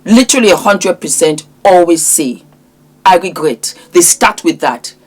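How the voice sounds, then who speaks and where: A woman's voice: lowish voice, expressive, unhurried, husky. A middle-aged woman, giving impassioned, preachy commentary as a vlogger and scolding a man directly. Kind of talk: impassioned social media commentary.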